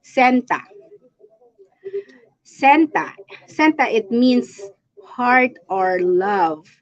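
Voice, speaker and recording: Slow-talking Filipina live streamer. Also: female voice, fairly high pitch, lively intonation, muffled recording. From Philippines. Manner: chatty, greets viewers and reads their comments aloud. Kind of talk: casual live-stream chat.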